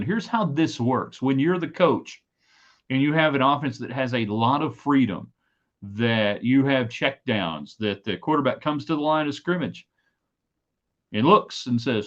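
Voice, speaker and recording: Middle-aged man hosting a home stream, emphatic and rambling, average pitch, muffled lo-fi audio. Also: a bit bright. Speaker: host. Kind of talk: casual live-stream chat. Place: home office.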